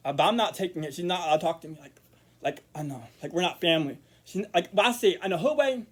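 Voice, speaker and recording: A man vlogging in a casual monologue to camera, rambling with repeated words and restarts, murmuring quiet asides. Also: high voice, lively intonation, fast talker, slightly rough.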